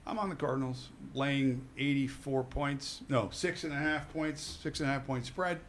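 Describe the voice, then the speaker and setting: A man's voice: mid-range voice, slight background noise. A man co-hosting a sports radio show, making football picks in casual, upbeat banter. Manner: lively, upbeat, quick-firing picks. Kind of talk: casual sports betting chat.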